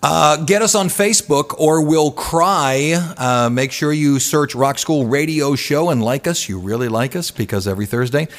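A man's voice: fairly high pitch, moderate pace, few pauses, long reverb tail. A man hosting a radio show, telling rock stories in a chatty, teasing way. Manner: chatty storyteller, playful teasing. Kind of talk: casual radio chat.

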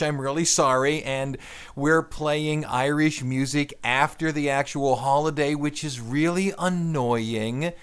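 A man's voice: mid-range voice, clear, resonant tone. Chatty man hosting a radio show. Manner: chatty, wry, tangent-prone. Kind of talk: casual radio chat. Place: radio studio.

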